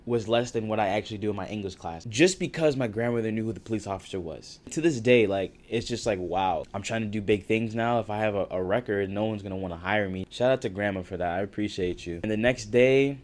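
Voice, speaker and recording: A young man in his twenties telling a story to camera in an animated, slangy, casual way. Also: on the low side, fast talker, hardly any pauses. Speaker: vlogger.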